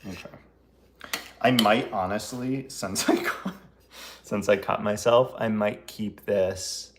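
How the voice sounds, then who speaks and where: A chatty man with a slightly low voice, streaming live while he bakes at home. He jokes and laughs easily as he talks to viewers. Faint clinks of dishes and cutlery sit behind him. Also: slow, a little hiss or hum. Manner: chatty, laughs often, jokey. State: laughing through a cut finger. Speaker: baker hosting a live stream. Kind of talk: casual live-stream chat. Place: home kitchen.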